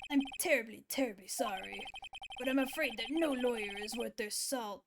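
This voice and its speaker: A woman voicing a pompous older male lawyer who speaks in a slow, drawn-out, old-fashioned way. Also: on the high side, creaky, noisy background. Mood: apologetic.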